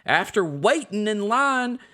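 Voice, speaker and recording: A man doing a shrill Southern tourist. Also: very animated, sharp tone, heavily acted. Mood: indignant. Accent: put-on Southern US. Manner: high, indignant, drawn-out complaining. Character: shrill angry Southern theme park tourist. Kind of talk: reading reviews in a comic voice.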